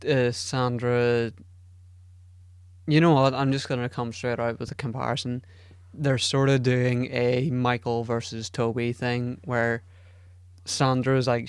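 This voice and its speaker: Gravelly flat-voiced podcast host. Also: male voice, mid-range voice, no room sound, studio quality. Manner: rambling and profane, self-deprecating. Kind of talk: casual solo podcast chat.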